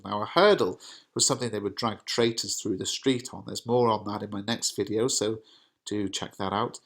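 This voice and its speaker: A man's voice: fairly low pitch, moderate pace, fairly bright tone. A man explaining a play line by line in a chatty teaching manner. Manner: chatty, plain paraphrasing. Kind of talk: literature lesson explaining a play.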